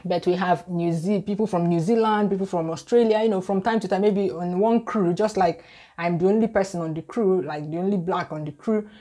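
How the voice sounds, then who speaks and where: A middle-aged Nigerian woman with a Nigerian accent talks to camera on her YouTube channel, reading out viewer comments. Her voice is lowish and mellow, and she speaks earnestly, slowly and carefully over soft background music.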